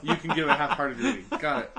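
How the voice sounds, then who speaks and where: A man's voice: a little high, big pitch swings, fast talker, gravelly, over a noisy crowd. A man co-hosting a podcast in casual chat, teasing and laughing easily. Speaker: podcast co-host.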